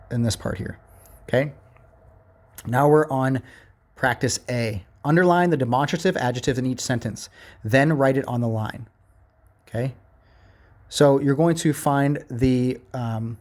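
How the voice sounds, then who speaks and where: A man teaching grammar to his class, reading workbook examples aloud and then walking through them in a patient, repetitive way. His pitch sits at an ordinary middle height for a man, and he keeps checking in with "okay?" and "all right?". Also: darkish tone.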